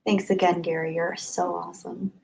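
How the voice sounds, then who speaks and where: A woman's voice: lowish voice, little pitch movement, normal speed, creaky, darkish tone, a little hiss or hum, poor audio. Effusive woman thanking live stream viewers. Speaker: livestream host. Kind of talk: live stream chat, reading viewer messages.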